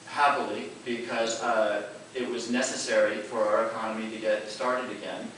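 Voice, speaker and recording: A man's voice: mid-range voice, fairly bright tone, slight background noise. Firm congressman answering in an echoey hall. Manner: measured, firm. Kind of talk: town hall response. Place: library meeting room. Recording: echoey room taped from far off.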